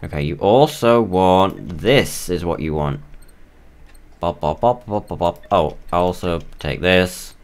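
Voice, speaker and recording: A man's voice: sits low, a little slow. A man streaming a co-op game, chatting casually and joking with his teammate while he plays. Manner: chatty, jokey, mock British and Australian voices. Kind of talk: casual co-op gaming chat.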